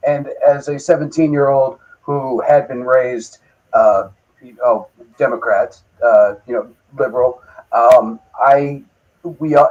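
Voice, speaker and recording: Man in his forties, measured talker, mid-pitch, dull lo-fi recording. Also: darkish tone. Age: 40s. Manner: measured, many fillers. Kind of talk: casual chat. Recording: dull lo-fi sound.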